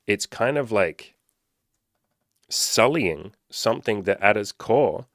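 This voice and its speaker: A man's voice: on the low side, expressive, slow pace, fairly bright tone, dry recording, studio quality. A man, a dating coach, talking casually to his viewers in an earnest, encouraging way, repeating his points and swearing now and then.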